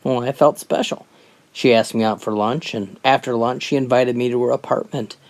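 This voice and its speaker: A joke teller reading jokes aloud in a brisk storytelling manner, often opening lines with "well". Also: medium pitch, steady tone.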